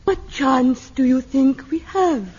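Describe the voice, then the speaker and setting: A woman's voice: high-pitched, takes it slowly, a little mellow, slightly rough, full character voice. An actress playing an earnest amateur performer who reads her romantic lines stiffly, like stage melodrama. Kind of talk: stiff melodramatic line reading. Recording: lo-fi noisy old TV recording.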